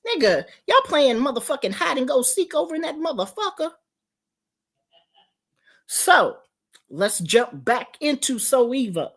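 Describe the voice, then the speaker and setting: A woman's voice: high-pitched, sing-song, a little slow, pauses often, a bit bright. An older woman streamer in a profane, confrontational livestream rant.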